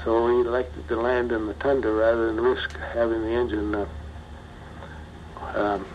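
An older man, a former pilot, slowly telling his memories in an interview, with many pauses and fillers. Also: medium pitch, level tone. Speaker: retired bush pilot. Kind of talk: oral history interview. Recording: muffled archival tape with faint hiss.

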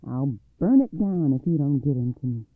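A menacing hairy swamp creature, boastful and mean, bellows his threats in a storybook reading, as a man puts him on. The voice leaps around in pitch and is slightly breathy. The sound is thin and phone-like, with a dry, close feel. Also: expressive, normal speed, no room sound, natural voice. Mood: threatening.

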